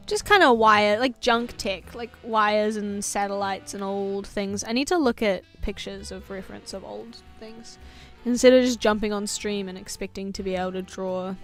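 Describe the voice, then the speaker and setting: A woman's voice: mid-range voice, steady tone, moderate pace, few pauses, a bit bright, faint music behind. Chatty New woman, rambling art stream. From New Zealand. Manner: rambling, self-mocking, laughs between thoughts. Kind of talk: casual chat while drawing on stream.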